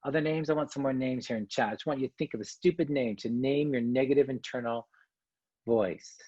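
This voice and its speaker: Brief: male workshop speaker, jokey and encouraging, slightly husky voice, dull dry video-call sound. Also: medium pitch, a little fast, no echo. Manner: lively, joking, coaxing the audience. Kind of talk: online conference talk.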